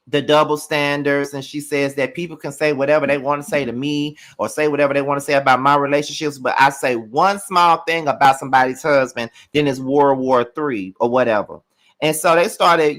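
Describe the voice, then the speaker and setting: A man with a high, ringing voice reviews a reality TV episode. He rants, swears freely and talks straight to his viewers. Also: a bit bright. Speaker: show recap host. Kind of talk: heated reality TV review rant.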